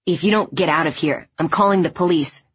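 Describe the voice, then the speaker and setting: A woman voicing a protective young ex-cop, curt and firm. Her delivery is husky and fairly low, on a dull, lo-fi recording. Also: fairly quick. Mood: angry.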